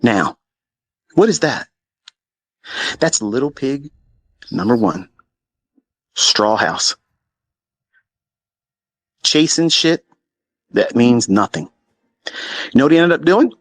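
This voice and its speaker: Middle-aged man, mid-pitched, close and dry. Blunt, profane storyteller. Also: lively intonation, takes it slowly, long pauses, breathy edge, no room sound. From Maryland, USA. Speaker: trading educator. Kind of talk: casual storytelling monologue.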